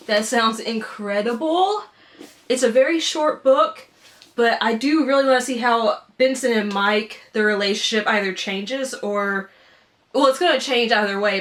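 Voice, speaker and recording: A woman hosting a casual unboxing vlog, chatty and playful, teasing herself as she talks. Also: on the high side. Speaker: book subscription vlogger.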